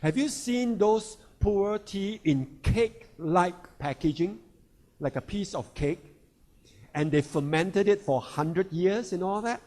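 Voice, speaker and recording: A man's voice: high-pitched, slow pace, a little mellow. A man giving an instructional health talk who keeps checking in with his listeners. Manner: checks in with listeners, asking "right?" and "all right?". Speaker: health presenter.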